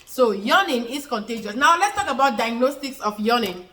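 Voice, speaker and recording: Talking off the cuff to camera in an echoey room, a woman explains a health topic in a somewhat high, pushed and bright voice with lively intonation and a moderate pace. She circles back repeatedly to her points, leaning heavily on fillers.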